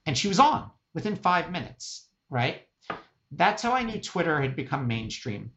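A middle-aged man speaking as an executive guest in a casual interview, emphatic and animated, often checking in with "right?". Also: a little high, moderate pace, muffled recording.

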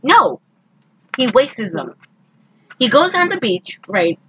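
A woman with a bright, forceful voice chats through a movie plot, animated and easily exasperated. A faint bit of noise sits under her voice. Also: high voice, takes it slowly, poor audio. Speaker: podcast co-host. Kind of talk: casual movie recap chat.

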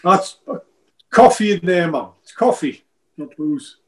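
Fifties man, former footballer guest, rambling and jokey, slightly high voice. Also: animated, measured pace, noisy background. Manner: rambling, joking, repeats himself. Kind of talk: casual interview chat.

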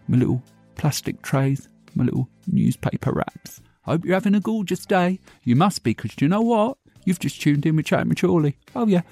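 A man doing a brash gossip queen. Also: a little high. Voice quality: loud, chatty, swearing, theatrical. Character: brash, gossipy middle-aged Essex woman talk-show host. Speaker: podcast host. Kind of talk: comic character monologue.

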